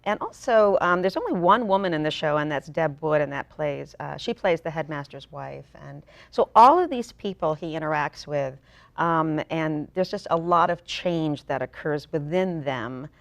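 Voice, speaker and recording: Low-voiced talkative woman, dry studio sound. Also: expressive, moderate pace, vocal fry, dry recording. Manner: talkative, long run-on explanations. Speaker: theater company member promoting a play. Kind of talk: local TV interview.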